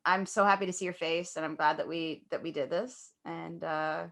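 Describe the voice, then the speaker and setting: A young woman co-hosting a podcast in casual chat, excitable, swearing and laughing often. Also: low-pitched, moderate pace, vocal fry. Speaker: podcast co-host.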